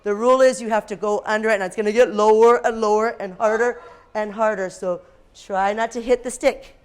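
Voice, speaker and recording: Leading games and reading aloud to her class, this woman teacher sounds brisk and smooth at a medium pitch. Her delivery is animated and expressive, with playful gasps.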